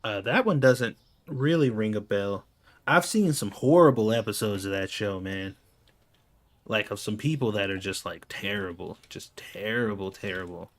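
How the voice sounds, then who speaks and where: A man's voice: lowish voice, expressive, moderate pace. A male gaming YouTuber chatting off the cuff over his gameplay. He rambles, fills his sentences with "like" and swears casually.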